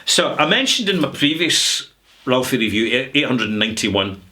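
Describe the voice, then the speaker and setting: A middle-aged Scottish man holds forth in a chatty, sarcastic vlog rant. He draws out his words for emphasis. His tone is bright and forward. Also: medium pitch, big pitch swings, moderate pace. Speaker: whisky vlogger. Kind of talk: casual rant to camera.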